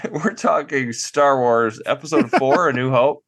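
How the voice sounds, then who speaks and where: A man's voice: mid-range voice, normal speed. A man hosting a podcast, chatting in a playful, rambling and profane way. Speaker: podcast host. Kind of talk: casual podcast chat.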